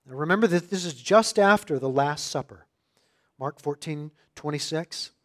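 A man preaching an expository sermon, reading scripture and growing emphatic and louder on key phrases. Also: on the high side, moderate pace.

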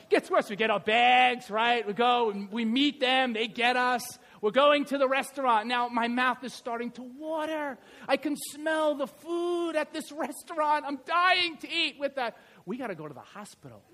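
A pastor delivers a sermon in a strikingly high voice. He tells the story in a lively, animated way and keeps checking in with his listeners. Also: a little slow. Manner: animated storytelling, keeps asking the crowd "right?".

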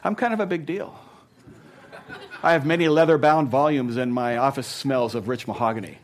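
A man's voice: mid-range voice, moderate pace, slight background noise, natural voice. A man doing a pompous, smug anchorman. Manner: boastful, smug. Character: pompous self-important male TV anchorman.

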